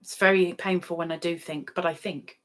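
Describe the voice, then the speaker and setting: A woman's voice: lowish voice, fairly even intonation, moderate pace. A middle-aged woman hosting a livestream, casually chatting and reading out viewer comments with giggles. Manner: chatty, giggly, sings playfully. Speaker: livestream host.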